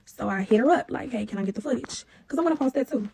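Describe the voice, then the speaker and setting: Young woman telling a story to camera, talks super fast, kinda high voice, blunt and animated. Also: gravelly, a little hiss or hum. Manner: animated and blunt, heavy profanity. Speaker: vlogger.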